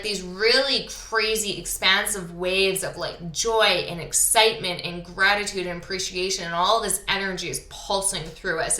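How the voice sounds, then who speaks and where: Woman, Canadian, podcast host, enthusiastic, chatty, bright, echoey room. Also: mid-range voice. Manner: enthusiastic, chatty, uses many fillers. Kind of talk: casual spiritual monologue.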